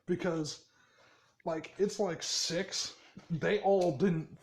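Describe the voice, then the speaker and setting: Male storyteller: slow, rambling, sweary, laughs a lot. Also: high voice, fairly even intonation, darkish tone. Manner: rambling, profane, laughs often. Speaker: fan storyteller. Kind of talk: casual storytelling.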